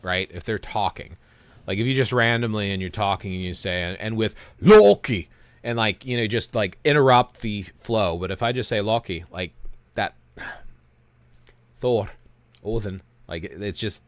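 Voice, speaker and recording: A young man hosting a game stream, talking loosely with his chat. His voice sits a little low, and he rambles, restarts and loops back mid-thought. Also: normal speed, a bit bright, smooth, no room sound. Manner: rambling, self-interrupting storyteller. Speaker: gaming livestream host. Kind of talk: casual chat with viewers.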